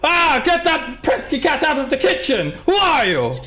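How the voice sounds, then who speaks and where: A man doing a yelling pudgy cook. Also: wildly swooping pitch, normal speed, soft background music, full character voice. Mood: alarmed yelling. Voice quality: high strained yell. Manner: panicky yelling. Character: pudgy shouting male cook.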